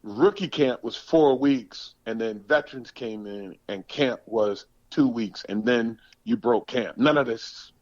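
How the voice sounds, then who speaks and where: A man in his sixties from the United States, a former pro football player telling stories in a podcast interview, animated and emphatic, often repeating words. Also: mid-range voice, unhurried, few pauses, dry recording, dull audio. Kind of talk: storytelling interview.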